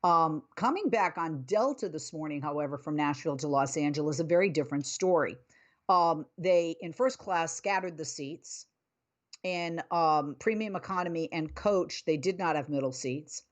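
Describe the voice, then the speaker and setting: A woman's voice: low voice, moderate pace. A woman hosting a talk radio show, telling a story and then scolding listeners in an exasperated, emphatic way. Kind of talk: opinionated talk radio monologue.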